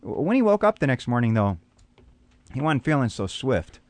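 A pastor telling a dramatic story on a radio program, animated and full of repetition. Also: male voice, medium pitch, moderate pace, dry recording.

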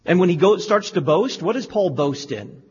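A man's voice: sits high, lively intonation, normal speed, husky. A male radio talk show host giving pointed, lecturing religious commentary. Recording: lo-fi studio with reverb.

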